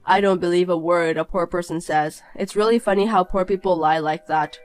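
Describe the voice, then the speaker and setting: A woman voicing a snobbish, cheating rich young man in an animated story, sneering and then pleading. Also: lowish voice, a little fast, clear, resonant tone, no room sound, faint music behind, lightly acted, low-quality recording.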